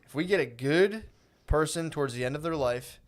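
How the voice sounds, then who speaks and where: A man's voice: on the high side, animated, fairly quick. A man co-hosting a podcast in casual comedic chat, laid-back and calling people "dude.". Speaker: podcast co-host.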